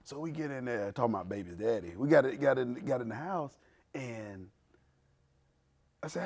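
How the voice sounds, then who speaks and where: Animated, laughing pastor in his forties. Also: mid-range voice, moderate pace, gravelly, pauses often. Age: 40s. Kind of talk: storytelling in a podcast conversation.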